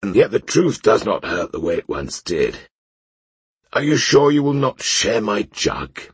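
A man's voice: lowish voice, very animated, measured pace, slightly rough, no echo, pitched above the performer's own voice, full character voice. A man voicing a drunken, disgraced knight who talks with a wistful slur. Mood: maudlin. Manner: slurred, wistful. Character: drunken disgraced middle-aged knight, maudlin, slurring.

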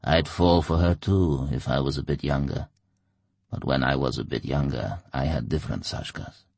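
A man's voice: very deep voice, normal speed, creaky, a little mellow, husky, no echo, full character voice. A man reading the part of a blunt, cynical male stalker near fifty with a nasal voice. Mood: wry. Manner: blunt and crude.

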